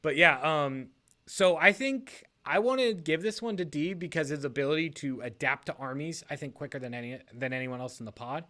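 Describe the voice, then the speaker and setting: A man with a fairly high voice and a bright, pushing edge chats loosely on a podcast. He rambles, breaks off his sentences to fix them, and laughs as he goes. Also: expressive, a little fast. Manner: rambling, self-correcting, laughs often. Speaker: league podcast co-host. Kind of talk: casual podcast chat.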